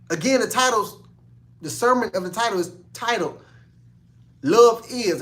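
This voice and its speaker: High-voiced man preaching casually. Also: fairly bright tone. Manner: conversational, repeats lines for emphasis, reads scripture slowly. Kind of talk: casual sermon.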